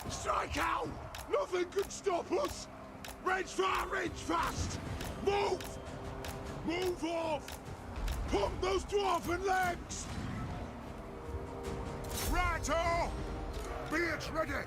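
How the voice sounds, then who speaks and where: A gruff dwarf soldier from a war game, yelling clipped, short battle cries and orders in a high, strained voice. Each one comes out slow and drawn out. Loud game music plays behind him. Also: male voice, fairly even intonation, exaggerated voice. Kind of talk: game unit voice lines.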